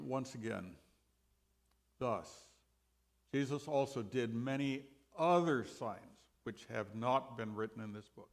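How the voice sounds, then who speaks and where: A male Bible teacher gives a sermon session in a church. He speaks slowly and deliberately in a mid-range voice. He lifts key words with emphasis, then lets phrases fall away quietly. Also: gravelly. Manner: slow, deliberate, dynamic rises and drops in pitch and loudness.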